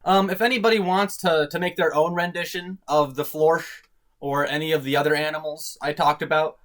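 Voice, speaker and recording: A man's voice: a little high, steady tone, a little fast, a bit bright. A young man talking casually to camera in a rambling, self-deprecating vlog monologue. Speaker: YouTube vlogger.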